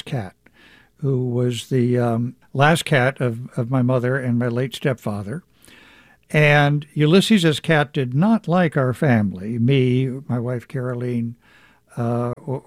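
A middle-aged man, an author being interviewed, speaking thoughtfully with frequent halting restarts. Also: medium pitch, no room sound, clean studio sound. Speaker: author guest. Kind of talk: reflective interview conversation.

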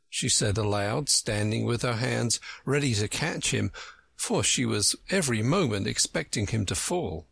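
A man narrating a storybook reading in a slow, expressive manner. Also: medium pitch, creaky, husky, no room sound, clean studio sound.

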